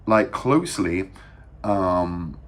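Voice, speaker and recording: A young English man telling a story to camera in a casual, rambling and crude way, talking fast with lots of fillers and restarts. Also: deep voice, animated. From England. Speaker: vlogger.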